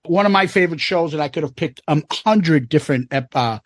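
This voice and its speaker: A man's voice: fairly high pitch, expressive, a little fast, no room sound. A man co-hosting a casual podcast, rambling and profane as he retells scenes. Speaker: podcast co-host. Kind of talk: casual chat.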